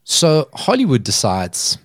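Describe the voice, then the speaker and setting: A man's voice: mid-range voice, huge pitch swings, a little slow, husky, no echo, clean studio sound. A man hosting a podcast, telling a story in a chatty way and laughing often. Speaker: podcast host. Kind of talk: casual chat.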